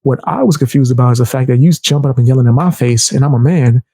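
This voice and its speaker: A young man telling a heated personal story in casual, animated speech, raising his voice to act out the people he quotes. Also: medium pitch, fast talker, breathy edge, no room sound. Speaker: storyteller vlogger.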